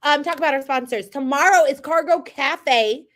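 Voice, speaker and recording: Woman co-host, bit higher voice, teasing, tells stories with lots of energy. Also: moderate pace. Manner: teasing, animated storyteller. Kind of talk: casual chat.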